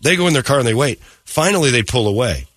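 A man in his fifties hosting a morning radio show, telling a story casually, profane and animated, acting out every voice. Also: mid-range voice, fast talker, a little hiss or hum. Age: 50s. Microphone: studio mic.

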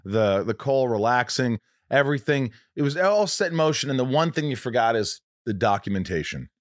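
A man hosting a casual podcast chat, animated and joking as he riffs. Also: mid-range voice, dry recording, clean studio sound. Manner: animated, joking, quick to riff.

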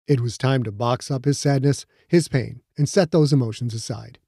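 A man reading a novel aloud as narrator, measured and even. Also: medium pitch, gravelly, husky, dry recording, studio quality. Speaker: audiobook narrator. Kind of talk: scripted narration.

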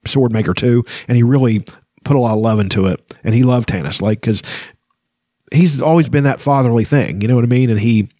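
A man reading a fantasy novel aloud and commenting on it, emotional and halting, with frequent restarts. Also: mid-range voice, warm tone, no echo, studio quality. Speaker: reader and book fan.

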